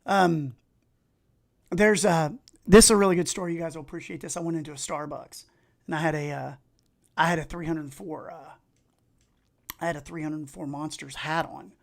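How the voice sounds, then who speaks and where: A middle-aged man with an Appalachian accent, chatting casually and excitably while streaming video games and telling rambling stories. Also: on the high side, moderate pace, gravelly, pauses often. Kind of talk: casual live-stream chat while gaming.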